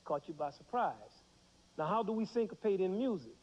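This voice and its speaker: A man's voice: sits high, lively intonation, fairly quick, darkish tone, in a large hall, muffled recording. A man teaching children about rhythm in a playful, demonstrative way, counting beats aloud. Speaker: music teacher.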